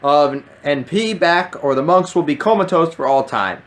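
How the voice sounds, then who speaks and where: A man's voice: fairly high pitch, expressive, normal speed. A man co-hosting a podcast, recapping a cartoon episode plot in casual chat, dry and matter-of-fact. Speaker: podcast co-host.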